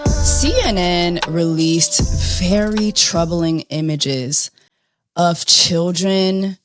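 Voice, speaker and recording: A woman hosting a podcast, talking through celebrity news in an animated, blunt, profane way. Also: lowish voice, extremely slow, over music. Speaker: podcast host. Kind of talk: casual celebrity news chat.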